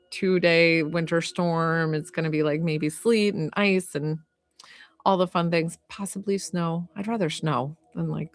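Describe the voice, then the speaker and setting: A woman's voice: lowish voice, dry recording. A young woman from Georgia, chatting on a phone livestream as a psychic medium, gushing and reassuring and rambling with fillers. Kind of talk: casual livestream chat and reading.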